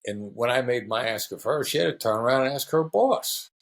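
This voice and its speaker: A middle-aged man, a former hostage negotiator, answering interview questions in a relaxed storytelling way and acting out quoted voices. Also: medium pitch, brisk, gravelly.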